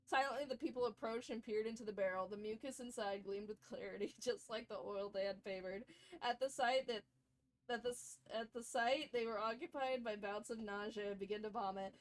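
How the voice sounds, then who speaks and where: A woman's voice: mid-range voice, a little fast. A woman streamer at home at her computer, reading game lore aloud and chatting, often stumbling over words and giggling.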